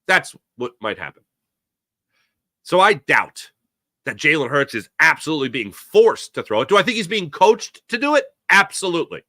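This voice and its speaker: A man hosting a live sports talk show, giving opinionated takes and answering viewer chat in an animated way. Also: a little high, no room sound, studio quality. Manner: opinionated, animated, quick asides to chatters.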